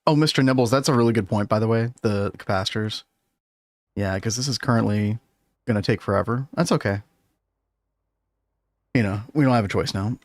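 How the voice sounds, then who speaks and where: A man's voice: lowish voice, fairly quick, long pauses, dry recording. A man chatting casually with his viewers and co-player while streaming a game, laughing often. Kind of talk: casual gaming livestream chat.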